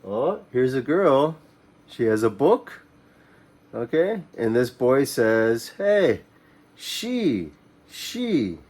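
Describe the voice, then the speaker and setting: A man teaching a children's English reading lesson, reading short phrases slowly and clearly for the class to repeat. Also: mid-range voice, animated, a little mellow.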